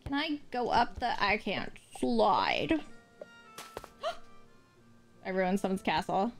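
A woman's voice: mid-range voice, sing-song, slow, pauses often. A young woman streaming a game live, talking playfully and breaking into squealing exclamations. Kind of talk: live let's play commentary. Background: game music.

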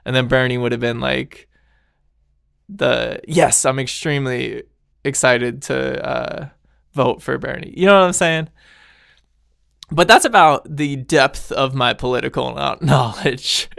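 A man's voice: mid-range voice, measured pace, creaky, long pauses, fairly bright tone, no echo, clean studio sound. A man hosting his own podcast, talking in a loose, rambling way, laughing often and trailing off mid-thought. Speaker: podcast host. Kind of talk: casual solo chat.

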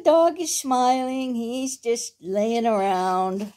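Woman, bedtime story reading, lively sing-song pitch, slow unhurried pace, asides to her dog. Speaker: reader of a children's picture book.

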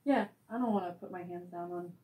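A woman chatting casually with her coworkers, answering in quick, brisk replies and laughing often. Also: lowish voice, mellow, low-quality recording. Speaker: team member. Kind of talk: casual office chat.

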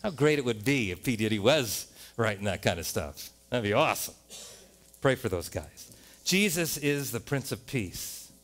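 A man with an American accent preaching a sermon as a pastor in a church, animated, often rising to loud exclamations and playful rhymes. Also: medium pitch, normal speed. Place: church sanctuary.

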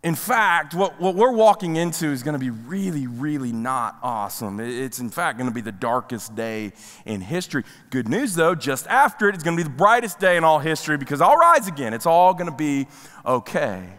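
A man preaches from the pulpit with a high, bright, forceful voice. He is animated and slips into the voices of people in the story as he tells it. The sound carries the long reverb of a church sanctuary. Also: a little fast. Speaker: pastor. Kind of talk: sermon.

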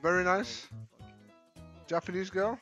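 A young British man from the UK, loudly teasing strangers in casual slangy gaming banter over a headset. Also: high-pitched, unhurried, creaky, lo-fi sound, faint music behind. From United Kingdom. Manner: loud, teasing, excitable, slangy. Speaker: VRChat vlogger.

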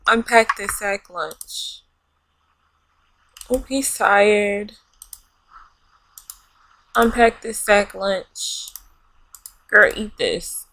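A woman's voice: medium pitch, very slow, long pauses, bright, forceful tone, a little hiss or hum, rough recording. A young woman giving casual, playful let's-play commentary, laughing often and talking back to the game characters in slang. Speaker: gaming YouTuber.

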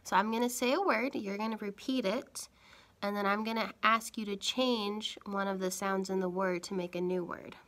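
A young adult woman teaching a phonics lesson to young children, speaking clearly and encouragingly. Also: medium pitch, fairly even intonation, moderate pace, fairly bright tone.

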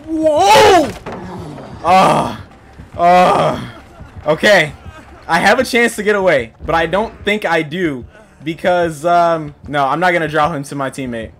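A man giving let's play commentary, panicky and talking to himself, yelping and shouting for help. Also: a little high, sing-song, slow, creaky, a little hiss or hum. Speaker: gaming video creator.

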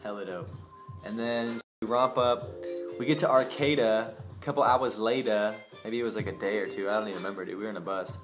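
A man's voice: lowish voice, steady tone, fairly quick, music in the background. A young man from Boise telling a long, rambling story, loose and profane with plenty of slang. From Boise, Idaho. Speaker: vlogger telling a personal story.

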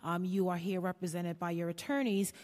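A woman chairing a council committee hearing, speaking in earnest, measured formal remarks with some filler ums. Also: on the low side, fairly even intonation, darkish tone. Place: large council chamber. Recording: long echo of a large hall.

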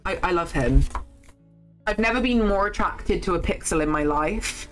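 A woman's voice: fairly low pitch, moderate pace, soft background music. A young woman streaming a farming game, chatting casually with her viewers and swearing freely as she plays.

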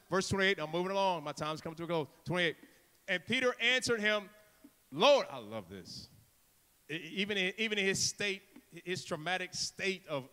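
A man's voice: fairly high pitch, sharp tone. A man preaching a sermon to a congregation, impassioned and theatrical, acting out the story and urging the listeners on with repeated calls. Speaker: guest preacher. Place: church sanctuary. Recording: long reverb of a church hall.

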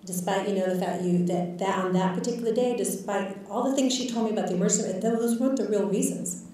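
A woman's voice: medium pitch, quick pace, dark tone. A woman physician telling a lecture audience about a patient, candid and reflective, with many filler words. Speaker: physician guest speaker. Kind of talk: storytelling in a lecture. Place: lecture hall. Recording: echoey lecture hall, far from mic.

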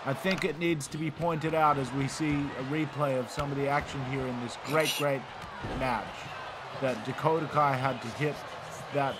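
A man's voice: mid-range voice, fairly even intonation, normal speed. Man calling a wrestling game, noisy. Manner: rambling, lots of fillers and restarts. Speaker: play-by-play commentator. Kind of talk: casual video game commentary.

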